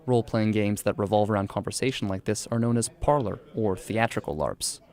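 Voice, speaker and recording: A man narrating a scripted radio news feature as a reporter, in a measured, even delivery. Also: fairly low pitch.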